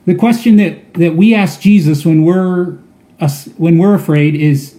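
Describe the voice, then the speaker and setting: A man's voice: fairly high pitch, measured pace, mellow. A man preaching a sermon, telling a story earnestly and often repeating words as he goes. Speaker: pastor. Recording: echoey room.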